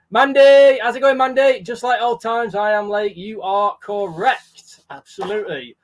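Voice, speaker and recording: A man's voice: sits high, measured pace. A man hosting a charity livestream in a casual, chatty way, greeting viewers by name. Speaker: livestream host.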